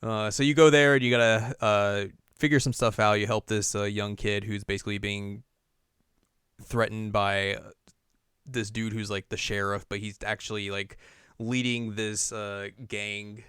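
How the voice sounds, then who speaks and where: Low, smooth-voiced man rambling casually. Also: level tone, moderate pace, fairly bright tone, dry recording, clean studio sound. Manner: rambling, full of "like" and laughs, acts out characters. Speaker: podcast co-host. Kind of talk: casual chat recapping a game story.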